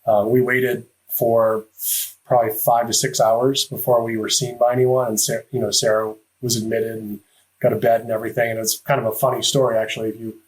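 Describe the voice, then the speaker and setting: A professional golfer talking on a podcast, halting, with many fillers and restarts. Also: male voice, medium pitch, little pitch movement, low-quality recording. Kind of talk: casual podcast chat.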